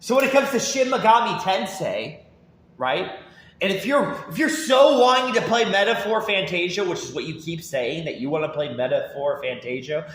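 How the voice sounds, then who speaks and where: A man's voice: high-pitched, animated, moderate pace, fairly bright tone, roomy sound, a little hiss or hum. Rambling, laughing man ranting to viewers. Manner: rambling, repeats words, laughs often, asks viewers if they follow. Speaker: gaming YouTuber.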